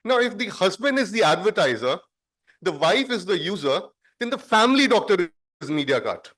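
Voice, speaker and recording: A man giving a conference presentation, speaking in a measured, explanatory way and stressing words for effect. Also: high-pitched, sing-song, fairly bright tone.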